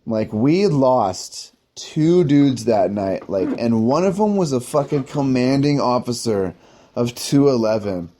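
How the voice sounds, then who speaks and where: A man tells a personal story in a loose, rambling way, his speech packed with swearing and filler words. His voice is mellow and dark, and he sometimes laughs at himself. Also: medium pitch, lively intonation, unhurried. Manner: rambling, profane, heavy use of "like". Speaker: podcast host telling war stories.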